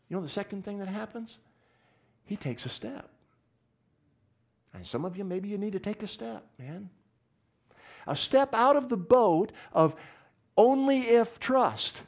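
Lively man preaching a sermon. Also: high voice, measured pace, gravelly, pauses often. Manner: animated, swings between loud exclamations and hushed asides; asks the audience questions often. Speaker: pastor. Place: church.

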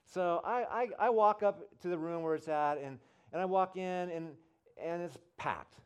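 A middle-aged man preaching as a pastor, telling a personal story with many restarts and repeated words, and his voice climbs high and loud at the big moments. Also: moderate pace, smooth. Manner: animated storyteller, voice rises high and loud at the climax. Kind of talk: sermon storytelling.

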